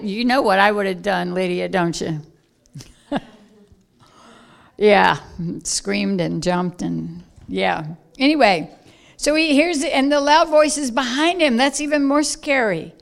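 Woman preacher, informal sermon, slow delivery, higher pitch, animated bursts. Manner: animated, acts out scenes with sudden loud bursts. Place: room with listeners.

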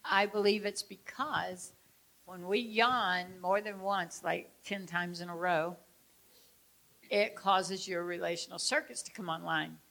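A woman leading a group session, telling lively stories and laughing often as she talks. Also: fairly low pitch, a little slow, vocal fry. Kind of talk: storytelling talk to a group.

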